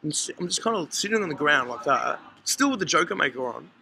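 A man's voice: fairly high pitch, quick pace, creaky, noisy background. A man casually telling a long, sweary story to friends, acting out what everyone said. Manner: animated, sweary, acts out quotes. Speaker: podcast host telling a story. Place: hostel common area, indoors.

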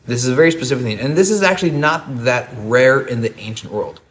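Pastor telling a lively, humorous story. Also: male voice, medium pitch, fast talker. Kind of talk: sermon.

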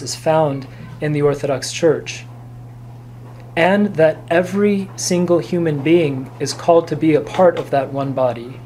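A man, a priest teaching a catechism class, explaining gently and earnestly with fillers and restarts. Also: on the high side, a little hiss or hum, poor audio. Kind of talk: catechism lecture. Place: church classroom.

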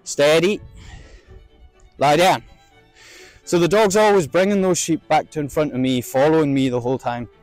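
A man training a sheepdog outdoors, explaining each step and calling out drawn-out commands to his dog between explanations. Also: fairly high pitch, darkish tone, no room sound, soft background music. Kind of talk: outdoor instructional demonstration.

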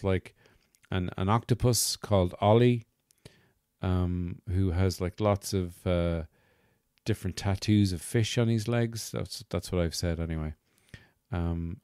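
Wry man with a low voice. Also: a little mellow, dry recording, clean studio sound. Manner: wry, rambling, self-mocking. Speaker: podcast host. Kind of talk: comic monologue.

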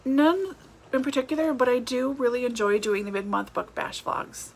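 A woman's voice: fairly high pitch, animated, normal speed, vocal fry, a little hiss or hum. A woman chatting casually about books for her vlog, laughing often and correcting herself as she goes. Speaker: book vlogger. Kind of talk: casual book tag chat.

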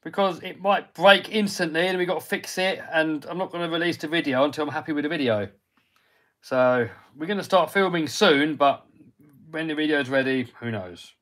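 A man's voice: on the high side, normal speed, fairly bright tone. Chatty man building a model kit. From United Kingdom. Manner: chatty, talks himself through each step and answers viewers. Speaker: RC hobby livestream host. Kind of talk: casual live-stream chat while building a model.

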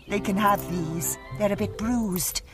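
A woman voicing a kind, motherly farm woman in a cartoon, bright and friendly. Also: medium pitch, measured pace, music in the background, lightly acted. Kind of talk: cartoon voice acting.

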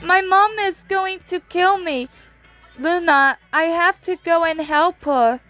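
A woman's voice: extremely high pitch, slow, soft background music, pitched above the performer's own voice, heavily acted. Usagi, a woman doing a whiny teen girl. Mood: excited, startled. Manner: whiny and excitable, prone to cries. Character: Usagi, whiny teenage girl heroine, easily scared.

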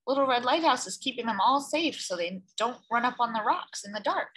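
Husky new lady reading a kids' picture book, gentle and expressive. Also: fairly high pitch, fairly quick. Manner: gentle, expressive reading with lively voices for sounds. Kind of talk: read-aloud storytelling for children.

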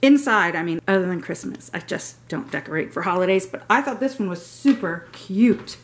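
A woman's voice: on the low side, lively intonation, normal speed, a little hiss or hum. A middle-aged woman chatting through a shopping haul on camera, gushing over each item with rambling asides. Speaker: haul vlogger. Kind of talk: casual show-and-tell vlog.

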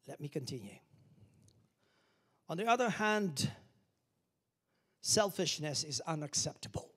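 Husky-voiced preaching pastor, a man. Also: a little high, big pitch swings, a little slow, pauses often, fairly bright tone. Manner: emphatic preaching with call-and-response. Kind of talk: sermon.

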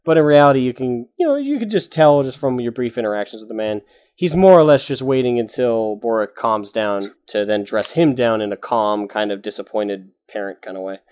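A man's voice: medium pitch, expressive, a little fast, a little mellow, smooth. A man narrating as game master of a tabletop game, casual and full of fillers. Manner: casual, rambling with many fillers.

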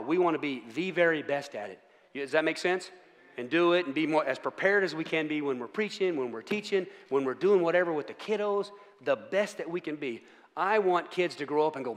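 Chatty pastor in an echoing hall. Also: male voice, fairly high pitch, a bit bright. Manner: chatty, self-mocking, asks the room for agreement. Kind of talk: casual sermon with humor. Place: church sanctuary. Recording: long church hall reverb.

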